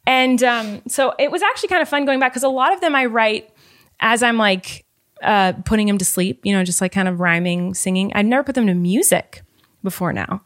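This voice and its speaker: A young woman and mother chatting casually about songs she wrote for her son. She talks quickly and emotionally and often laughs at herself. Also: a little high, a bit bright. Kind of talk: casual chat. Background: ukulele.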